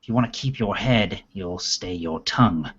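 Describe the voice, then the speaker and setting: A man's voice: sits low, normal speed, a bit bright, slightly rough. A man doing a stern, guarded elf aide. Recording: dull lo-fi recording.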